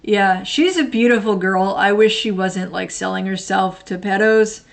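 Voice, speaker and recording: Casting note: woman in her thirties, streamer, mid-pitched, loose rambling chat, laughs a lot, swears freely. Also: moderate pace, vocal fry. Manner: rambling, laughs often, blunt and profane. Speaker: livestream host. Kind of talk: casual chat, reading and answering viewer comments.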